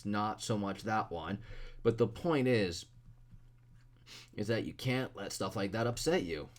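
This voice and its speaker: A young man ranting blunt, profane advice to other artists in a casual vlog. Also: on the low side.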